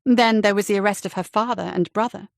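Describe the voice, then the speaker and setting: A woman reads a novel aloud in a steady, even storytelling manner. Her voice has a gravelly grain, recorded close and dry on a studio mic with no room sound. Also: medium pitch, fairly quick, no echo. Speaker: audiobook narrator. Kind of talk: scripted narration.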